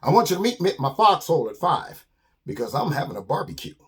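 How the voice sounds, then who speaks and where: A scheming, bossy fox villain from a spoken children's story, put on by a male storyteller. His voice is husky and swings up and down as he issues threats. The delivery is plain and close to an ordinary talking voice. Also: on the high side, sing-song, quick pace, full character voice. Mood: menacing.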